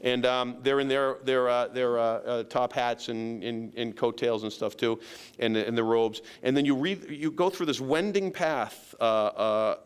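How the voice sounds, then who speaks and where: A man's voice: mid-range voice, fairly even intonation, a little slow, clean tone. A man, a county sheriff telling a story to a local meeting in a loose, rambling way with many restarts and a self-deprecating humor.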